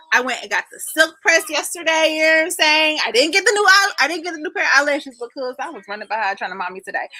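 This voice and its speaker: A woman in her thirties with a high, bright, forceful voice hosts an online class on livestream, with no room sound. Chatting casually and effusively, she bubbles over while greeting viewers by name.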